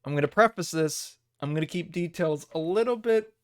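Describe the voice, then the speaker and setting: A man's voice: on the high side, normal speed, dry recording, clean studio sound. A man hosting a live-stream podcast in loose, rambling casual chat. He thinks aloud while looking things up and laughs often. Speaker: livestream podcast host.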